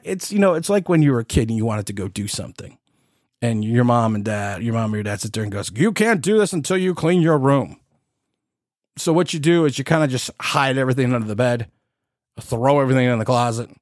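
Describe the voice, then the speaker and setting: A man's voice: a little high, dry recording, studio quality. A man in his forties hosting a podcast, giving sarcastic, incredulous political commentary with mocking asides. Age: 40s. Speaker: podcast host.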